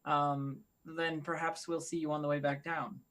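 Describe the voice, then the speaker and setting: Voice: mid-range voice, flat delivery, normal speed, fairly bright tone. A player in a tabletop game, bantering wryly and speaking in character. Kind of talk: tabletop game role-play.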